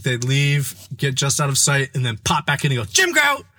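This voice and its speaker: A man chatting as a podcast guest, telling personal stories in a casual, animated way that sometimes halts and restarts. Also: dry recording. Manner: animated, playful, jumps into high voices mimicking his kids; halting, with frequent restarts when reflective. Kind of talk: casual conversational storytelling.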